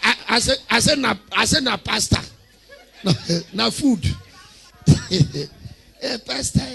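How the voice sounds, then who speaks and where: A man with a Nigerian accent preaching a sermon, telling humorous stories with mimicked voices and shouting prayer lines for the congregation to repeat. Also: very high-pitched, slow pace, creaky, breathy edge. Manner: humorous storytelling, mimics congregants, laughs often. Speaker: prophet preaching.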